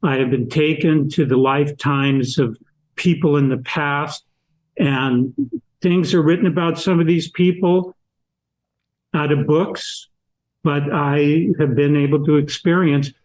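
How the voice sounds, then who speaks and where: An older man, a podcast guest and author, telling anecdotes slowly and deliberately in an interview. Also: a little high, steady tone, darkish tone, rough recording. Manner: slow, deliberate anecdotal storyteller. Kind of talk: storytelling in an interview.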